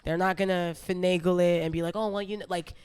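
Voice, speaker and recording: Playful young woman guest, chatty and lively, recorded dry and close. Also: on the low side, fast talker, clear, resonant tone, dry recording. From Canada. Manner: playful, animated, laughs often. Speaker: interview guest, musician. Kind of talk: casual interview chat.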